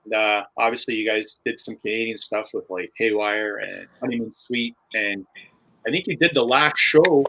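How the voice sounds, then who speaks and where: A man's voice: on the low side, normal speed, background noise. A man hosting a casual interview, enthusiastic and loose, with many fillers. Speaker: podcast host.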